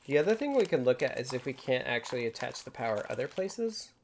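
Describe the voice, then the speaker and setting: A man's voice: mid-range voice, very animated, fast, darkish tone, slight background noise. A man hosting a casual live stream from his home workspace, thinking aloud and explaining things step by step. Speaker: livestream host.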